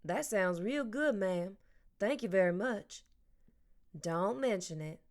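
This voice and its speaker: A woman's voice: mid-range voice, lively intonation, slow pace. A woman reading an audiobook, voicing a caring, motherly woman who fusses over a child and scolds her father. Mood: tender. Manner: warm, scolding. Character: motherly middle-aged woman, caring, fussy.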